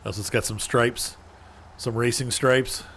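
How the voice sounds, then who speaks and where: A man's voice: medium pitch, fairly even intonation, unhurried, fairly bright tone, slight background noise. A man streaming a driving game, chatting casually and answering viewers in chat by name as he plays. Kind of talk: casual gameplay commentary.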